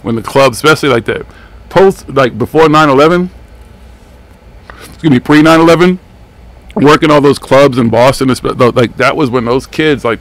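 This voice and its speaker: Man, radio host, gravelly voice, mid-pitched, rambling, swears casually. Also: fairly bright tone. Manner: rambling, profane, laid-back. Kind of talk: casual live radio chat.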